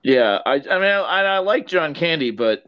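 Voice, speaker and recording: A man's voice: on the high side, very animated, normal speed, smooth. A man chats easily on a podcast, sometimes restarting his sentences. The recording sounds dull and lo-fi. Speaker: podcast co-host. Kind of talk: casual chat.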